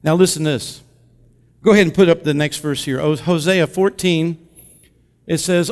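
A man preaching a sermon, swinging between loud, fervent exclamations and hushed, intimate passages as he reads and explains scripture. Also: fairly high pitch, steady tone, moderate pace, long pauses, big-room sound. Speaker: pastor.

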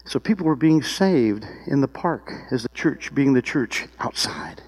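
A man preaching a sermon, telling a personal story with rising emotion and excited exclamations. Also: mid-range voice, measured pace, low-quality recording. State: tearful at times.

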